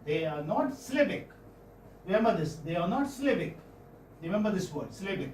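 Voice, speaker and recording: A man's voice: high voice, sing-song, a little mellow, roomy sound, slight background noise. Man, indian english accent, classroom lecture, repeats words, faint room ambience, distant mic. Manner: questions the students, repeats words slowly. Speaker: English phonetics teacher.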